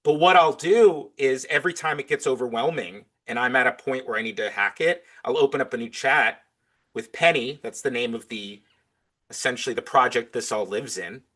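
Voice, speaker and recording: A man's voice: mid-range voice, normal speed, a bit bright. Chatty man on a podcast. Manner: enthusiastic, acts out his own back-and-forth dialogue. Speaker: podcast guest. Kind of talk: casual interview chat.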